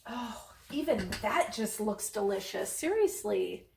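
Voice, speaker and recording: A woman hosts a home cooking channel, chatting casually and rambling with plenty of ums while she works in her kitchen. Her mid-range voice is animated, a bit slow, gravelly, and darkish. The room echoes, she's away from the mic, and there's a faint hiss or hum.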